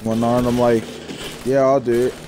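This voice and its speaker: A young man tells a rambling personal story in a casual vlog over gameplay, acting out his panicky inner voice and swearing as he goes. His voice sits in an ordinary middle pitch. Steady, clearly audible noise runs under the recording. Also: moderate pace. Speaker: gaming vlogger.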